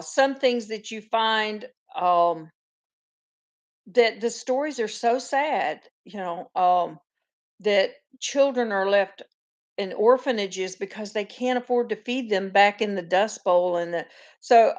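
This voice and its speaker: A woman's voice: mid-range voice, lo-fi sound. A woman hosting a casual live chat, telling long rambling stories and greeting viewers by name. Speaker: host of a live farm chat.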